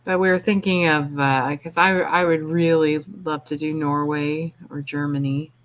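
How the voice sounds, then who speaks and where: A woman's voice: sits low, fairly even intonation, moderate pace. A woman guest on a paranormal show, chatting casually about her travels. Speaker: guest, ghost hunter. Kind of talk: casual chat.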